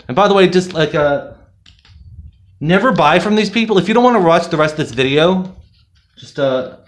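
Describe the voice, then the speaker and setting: A man reviewing a product in a casual, rambling, sarcastic rant full of fillers. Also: on the high side. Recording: roomy echo.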